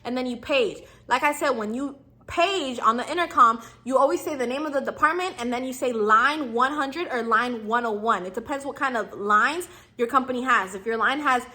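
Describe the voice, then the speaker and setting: A young woman in her twenties talks straight to her viewers in a casual advice vlog. Her voice sits high and sounds bright and sharp. She chats in loose slang and keeps slipping into quick impressions of customers and clerks. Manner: slangy and chatty, acts out customer and clerk lines. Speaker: YouTuber giving customer service tips.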